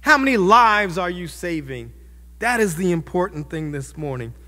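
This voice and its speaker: A man preaching a sermon as pastor, impassioned, with sudden loud rises in his delivery. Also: sits high, sing-song, moderate pace, long reverb tail. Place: church.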